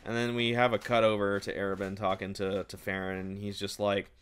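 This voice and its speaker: A man's voice: on the low side, flat delivery, a little fast, clean tone. Sarcastic man ranting about a book. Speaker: book reviewer. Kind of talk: casual sarcastic book recap.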